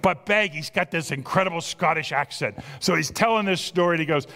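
A man with a South Jersey accent preaching a sermon, animated and exclamatory, full of rhetorical questions. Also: fairly high pitch, a little fast, few pauses, in a large hall. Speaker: pastor.

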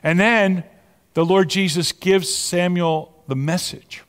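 Animated preacher in an echoing hall. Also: male voice, high-pitched, normal speed. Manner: animated, repeats words when building to a point. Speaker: pastor. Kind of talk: sermon. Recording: long hall reverb.

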